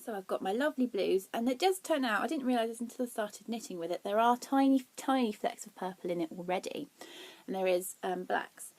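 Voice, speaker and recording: A young woman hosting a knitting podcast, chatting casually and excitably, laughing at herself as she shows her yarn. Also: medium pitch, fairly quick. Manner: excitable, giggly, self-deprecating.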